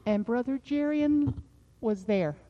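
A middle-aged woman preaching a sermon, moving from a quiet personal story into fervent, rising exhortation. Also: on the high side, measured pace. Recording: slightly dull lo-fi sound.

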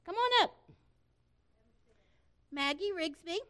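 A middle-aged woman speaking to a church gathering in an informal way, telling a story in an animated, folksy manner and earnestly thanking the volunteers. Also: extremely high pitch, takes it slowly. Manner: animated storytelling, acting out quoted voices.

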